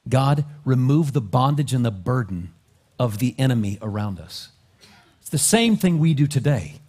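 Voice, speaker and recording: A male pastor preaching a sermon, dropping to soft, low asides and then climbing into loud, rising exhortation. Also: very animated, normal speed, slightly rough. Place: church sanctuary.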